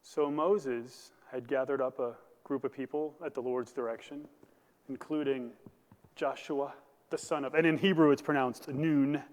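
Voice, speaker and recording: A man's voice: medium pitch, big-room sound. A male pastor preaching a sermon, building to emphatic bursts and asking the congregation questions. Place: church sanctuary.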